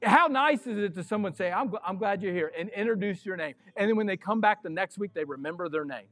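A man preaching a sermon as pastor of his church, excitable and fiery, breaking into yells. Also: high-pitched, fast talker, dry recording, faint music behind. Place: church sanctuary.

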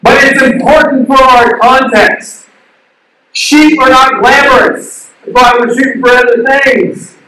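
A male pastor giving a sermon in an animated way, asking the crowd questions and acting out the quotes he tells. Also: very high voice, a little slow, a little hiss or hum. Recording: distant mic in a very echoey hall.

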